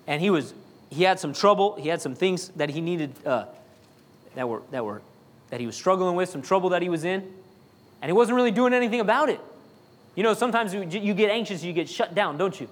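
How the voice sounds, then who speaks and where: A man's voice: sits high, animated, brisk. A man preaching a sermon, talking to the congregation in a chatty way, full of jokes and asides. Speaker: pastor.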